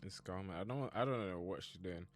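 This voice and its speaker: A man's voice: sits low, fairly quick, faint music behind. A man streaming a game, muttering bemused reactions and reading the game's text aloud as he plays. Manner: reads game text aloud between comments. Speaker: gamer streamer. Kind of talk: casual gameplay commentary.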